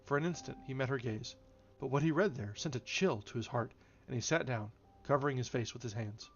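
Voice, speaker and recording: A man's voice: mid-range voice, husky. Man reading a novel aloud, dull recording. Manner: measured, occasional self-corrections. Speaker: reader. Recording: slightly dull, faint music behind.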